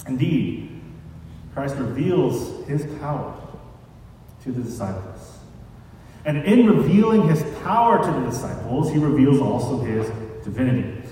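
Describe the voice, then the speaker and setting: A man's voice: medium pitch, a little mellow, a little hiss or hum. A man preaching a sermon in a conversational way, mixing scripture reading with casual asides. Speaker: pastor. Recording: echoey hall, distant mic.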